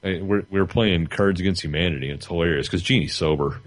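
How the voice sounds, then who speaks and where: A man's voice: low-pitched, fast talker. A man co-hosting a podcast, telling a rambling story in casual chat and laughing through it. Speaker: podcast co-host.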